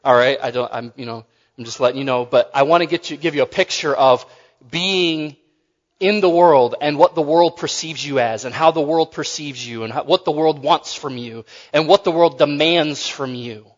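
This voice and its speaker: A man's voice: fairly high pitch, normal speed, big-room sound, muffled recording. A man preaching a sermon in a loose, conversational way, joking and often restarting his phrases.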